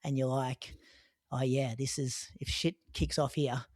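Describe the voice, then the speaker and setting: An Australian man tells a long race story in a relaxed podcast chat, leaning on fillers as he goes. His voice sits at an ordinary middle pitch. It is recorded dry, with no room sound around it. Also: a little slow, dry recording. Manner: chatty storytelling with frequent "like" and "um". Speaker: podcast co-host recounting a marathon.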